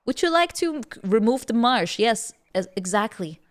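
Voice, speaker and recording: A woman's voice: on the high side, normal speed, few pauses, soft background music. Playful stammering woman streamer. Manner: playful, stammers with repeated words; animated reactions, laughs often. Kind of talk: casual live game-stream chat.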